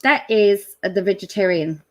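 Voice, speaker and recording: A middle-aged Australian woman, the host of her own channel, chatting casually and rambling as she reads out a fast-food menu, with many ums and some excited laughter. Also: mid-range voice. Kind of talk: casual chat reading a menu aloud.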